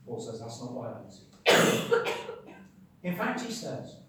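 A man preaching a sermon. He talks emphatically, asks rhetorical questions and swings between loud and quiet. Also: medium pitch, sing-song, moderate pace, far from the mic. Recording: very echoey hall, speaker away from the mic.

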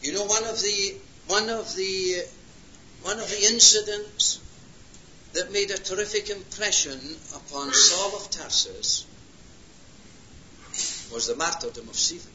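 A preacher delivering an impassioned sermon, swinging between hushed and loud passages. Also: male voice, sits high, a little slow, pauses often, noisy background. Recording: lo-fi roomy hall recording.

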